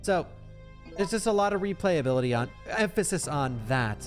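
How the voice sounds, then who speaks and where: Animated male gaming streamer, lively pitch swings, game music behind. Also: moderate pace. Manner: excitable, animated, chatty with viewers. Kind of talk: live gameplay commentary.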